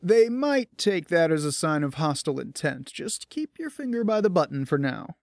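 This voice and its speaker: Man playing a commanding male starship captain, firm, soft-spoken, dry close sound, audiobook. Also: a little high, sing-song, normal speed, creaky, no echo.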